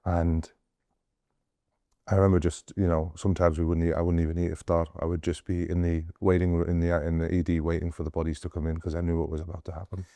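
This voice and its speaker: A man's voice: low voice, level tone, quick pace, warm tone, no echo. A young man, a doctor, earnestly telling stories of his mission in an interview, often retelling scenes with quoted dialogue. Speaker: doctor guest on a humanitarian mission.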